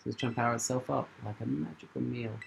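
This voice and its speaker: Fast and full of vocal fry, this man's medium-pitched voice keeps a fairly even intonation as he jokes and laughs through a video game for his channel. It's casual let's-play commentary from a gaming host, with a little hiss or hum in the recording.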